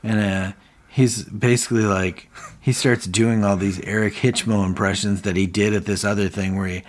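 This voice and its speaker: Man, low voice, podcast co-host, casual recap, animated retelling, lots of fillers. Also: moderate pace.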